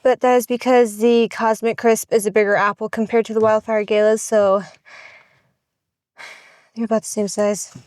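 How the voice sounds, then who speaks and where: A woman's voice: on the high side, flat delivery, moderate pace, pauses often, darkish tone, no echo. A young woman chatting casually about farm work and broken equipment for her farm vlog, laughing often. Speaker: farm vlogger. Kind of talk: casual chat.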